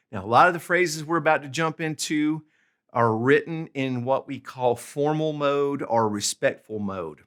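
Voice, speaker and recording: A man's voice: mid-range voice, fairly bright tone. A man teaching a language lesson on video, patient and explanatory, often checking in with "okay?" and "all right?". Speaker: language tutor.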